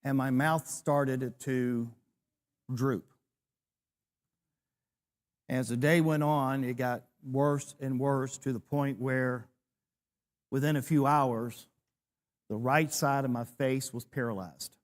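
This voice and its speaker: A man's voice: mid-range voice, fairly even intonation, slow pace, pauses often. Man in his sixties teaching a church class. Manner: storytelling with self-deprecating humor. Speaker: preacher.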